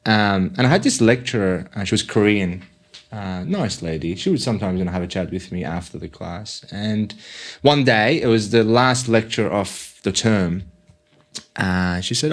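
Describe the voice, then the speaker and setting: Low-voiced man telling his story. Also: expressive. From Iran. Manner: halting, with restarts and fillers. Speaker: podcast guest. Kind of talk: personal testimony storytelling.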